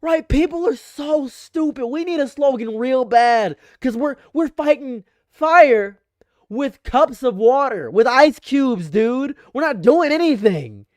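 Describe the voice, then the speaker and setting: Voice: high voice, animated, slow, darkish tone, dry recording, studio quality. A livestream commentator reacting live, ranting emphatically and repeating phrases for effect.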